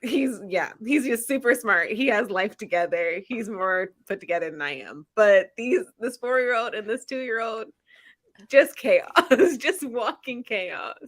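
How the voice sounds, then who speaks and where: A woman's voice: fairly high pitch, animated, measured pace. A woman hosting a casual reading-sprint stream from home, chatting in a rambling way and laughing often. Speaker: livestream host.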